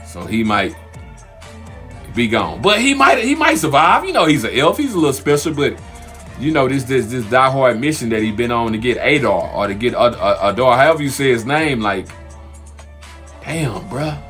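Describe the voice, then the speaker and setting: A man in the middle pitch range rambles through a TV episode recap in a loose, animated way, stopping and restarting his thoughts as he goes. Faint music plays underneath his voice. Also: moderate pace. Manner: animated, loose and conversational with many fillers and restarts. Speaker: TV recap host. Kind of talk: casual spoken TV episode review.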